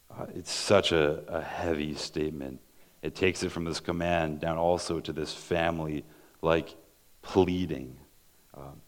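A man preaching a sermon, earnestly explaining scripture, reading verses aloud and often restarting his words. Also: deep voice.

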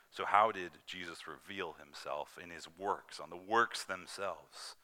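Man, preacher, sermon, smooth clear voice, bright tone, emphatic. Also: sits low. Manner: emphatic, earnest, slows down to stress scripture.

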